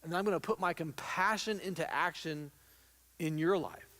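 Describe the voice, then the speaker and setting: A man's voice: on the high side, moderate pace, pushed and bright. A pastor giving a conversational sermon, acting out little quotes as he goes. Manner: conversational preaching with acted-out quotes. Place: church sanctuary.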